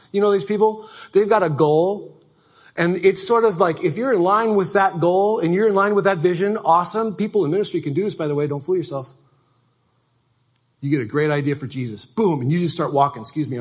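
A male pastor preaching in a casual, animated way, slipping into quick sketches of everyday people. His voice is husky and sits a little above the usual range for a man. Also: sits high. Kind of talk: sermon.

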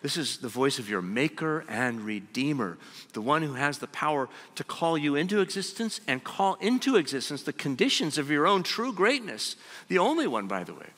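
A man preaching a sermon, emphatic and deliberate, slowing down to stress his key phrases. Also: on the high side, fairly bright tone. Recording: long hall reverb.

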